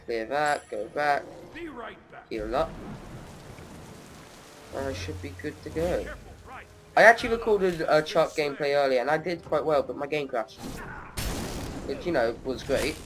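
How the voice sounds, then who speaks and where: A man's voice: on the high side, animated, a little slow, long pauses. A young man, casually commenting on his own gameplay and joking as he plays. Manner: chatty, laughs and taunts while playing.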